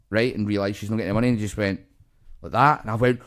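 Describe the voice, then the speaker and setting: A man's voice: medium pitch, expressive, fast talker, a bit bright. A Scottish man, co-host of a comedy podcast, telling a story in casual chat, swearing a lot and acting out the voices of the people in it.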